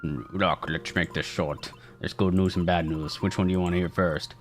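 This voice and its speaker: A man voicing a gruff, sarcastic male rogue in a put-on Southern accent, with a dry drawl. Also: low voice, steady tone, moderate pace, soft background music, lightly acted. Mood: guarded. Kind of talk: voicing characters while playing a game.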